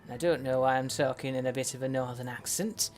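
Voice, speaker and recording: A man's voice: medium pitch, steady tone, quick pace, a little mellow. A man giving casual game commentary as a let's play host, muttering to himself with wry, sweary asides. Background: faint in-game music.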